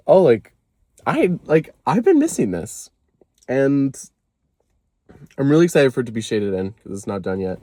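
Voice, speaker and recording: Very animated yet moderately paced, this vlogger has a mellow, medium-pitched voice and leaves long pauses. He rambles in a casual confessional vlog to the camera. He's self-deprecating, apologizes often and fills his speech with "like".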